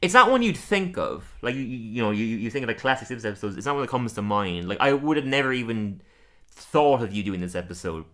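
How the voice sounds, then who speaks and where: A man's voice: mid-range voice, big pitch swings, quick pace, pushed and bright. A man co-hosting a podcast in casual chat, laughing often and acting out quotes as he goes. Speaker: podcast co-host.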